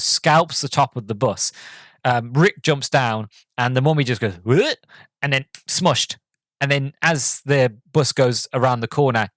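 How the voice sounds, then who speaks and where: A man's voice: mid-range voice, a bit bright, no room sound. Guy rambling thru a movie review on his podcast, lots of ums, super keen, dry close sound. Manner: enthusiastic, rambling, many filler words. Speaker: podcast host.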